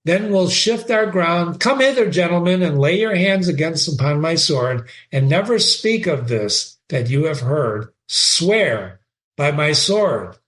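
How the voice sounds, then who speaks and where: A man reading the part of a brooding, bitter young prince in a play, with slow, lilting verse delivery. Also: a little high, lively intonation, fairly bright tone. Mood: urgent.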